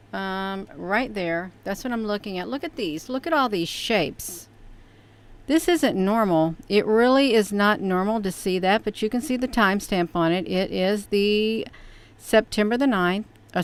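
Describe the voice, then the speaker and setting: A woman talks casually to her livestream viewers from her desk, rambling and filling pauses with "um" and "you all". Her voice is smooth and clear, sitting at an ordinary middle pitch for a woman. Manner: rambling, chatty, many fillers, addresses viewers as "you all". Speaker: livestream host. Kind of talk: casual live-stream talk.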